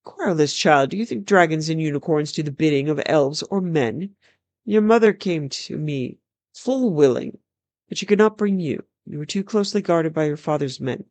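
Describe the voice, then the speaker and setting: A storyteller voicing a stern, haughty dark elf warrior in a read-aloud fantasy tale, measured and commanding. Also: mid-range voice, animated, no room sound, natural voice.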